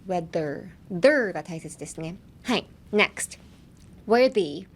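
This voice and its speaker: A woman's voice: on the low side, expressive, brisk, fairly bright tone, slightly rough. A young woman hosting a casual podcast lesson, chatty, laughing often and explaining pronunciation step by step. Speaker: podcast host and English teacher.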